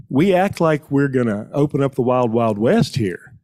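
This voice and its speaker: A man testifying before a legislative committee, measured and emphatic, stressing key words. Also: mid-range voice, darkish tone. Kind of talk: formal public testimony. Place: legislative hearing room.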